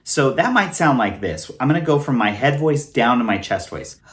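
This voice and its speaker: Lively casual male voice teacher. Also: mid-range voice, moderate pace. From California. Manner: casual, demonstrates sounds with his voice. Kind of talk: singing lesson to camera.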